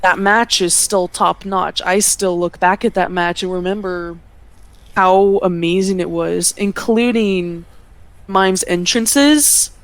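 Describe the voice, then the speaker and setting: A woman's voice: on the low side, steady tone, no echo. Earnest woman wrestler in an interview. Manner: earnest, measured, slows down to stress points. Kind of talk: casual sit-down interview.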